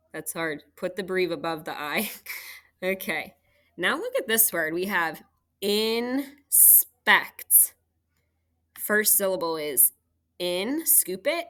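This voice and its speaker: A woman's voice: mid-range voice, bright, forceful tone. A woman teacher patiently walking young students through a phonics worksheet, step by step. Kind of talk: phonics lesson walkthrough.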